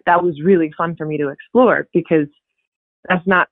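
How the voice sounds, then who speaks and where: A woman actor talking casually as an interview guest, expressive and often laughing, with quick restarts. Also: fairly low pitch, no echo. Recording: tinny phone-like dry line.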